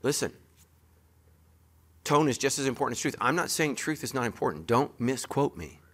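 Male pastor giving a sermon; direct, emphatic, playful delivery with a forceful, bright voice. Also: medium pitch, lively intonation, moderate pace. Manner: emphatic, joking preacher who talks straight to the congregation.

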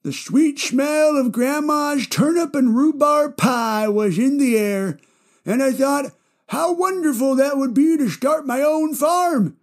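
Storybook old grandpa, high and thin, wavering and drawn out, rambling on, as a man puts him on. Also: slow pace, full character voice.

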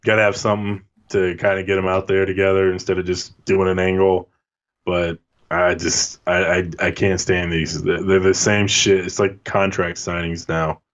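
A man's voice: low voice, little pitch movement, normal speed, dull audio. A man co-hosting a casual podcast, giving blunt, laid-back opinions and laughing often. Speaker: podcast co-host. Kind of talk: casual chat.

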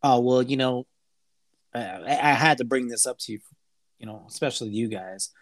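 A laid-back man co-hosting a podcast, joking and self-mocking in loose casual chat. His voice sits at a middle pitch and is recorded close and dry. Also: normal speed, no room sound. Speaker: podcast co-host.

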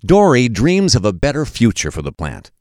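A man giving scripted documentary narration in a measured, expressive storytelling manner. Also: medium pitch, no echo, studio quality.

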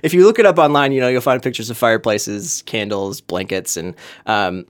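A man from Minnesota co-hosting a podcast, explaining ideas in a relaxed, conversational way with frequent fillers. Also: mid-range voice, fairly quick. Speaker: podcast co-host. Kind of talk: casual chat.

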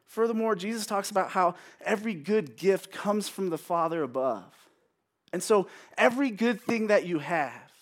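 A man in his thirties preaching a sermon in a conversational way, with self-joking asides. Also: sits high.

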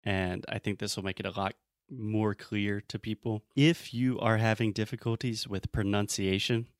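Southern guy teaching english, chatty, acts out little quotes, low voice, dry room. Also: flat delivery, normal speed, no echo. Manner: explains with acted-out example quotes. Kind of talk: casual teaching chat.

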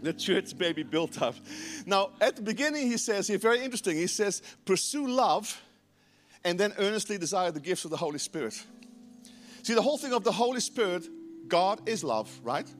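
Animated high-voiced New pastor preaching. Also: male voice, normal speed, faint music behind. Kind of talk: sermon.

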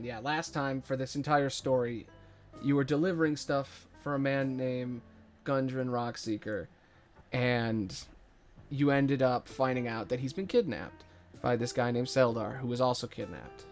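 A man running a tabletop game as game master, recapping the story casually and irreverently. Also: mid-range voice.

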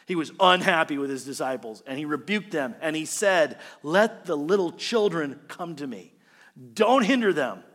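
A male pastor preaching a sermon, animated, swinging between loud emphasis and quiet, earnest passages. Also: medium pitch, slightly rough, long reverb tail.

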